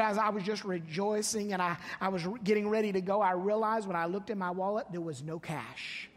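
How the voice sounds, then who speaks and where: Pastor guy preaching, tells a story, gets loud and fired up, big church echo. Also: high voice. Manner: retells a story with many "he said" tags, rising to loud emphatic bursts. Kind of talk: sermon storytelling. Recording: long reverb of a church hall.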